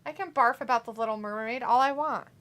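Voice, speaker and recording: A woman's voice: on the high side, fast, a bit bright. A woman co-hosting a casual watch-along livestream, reading viewer comments aloud with a playful, giggly manner and loose swearing. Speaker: livestream co-host.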